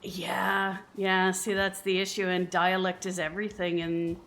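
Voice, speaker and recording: A woman's voice: lowish voice, completely flat delivery, unhurried, vocal fry, fairly bright tone. A Canadian woman streamer in casual chat while she plays a game, chatty and often laughing. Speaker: live streamer.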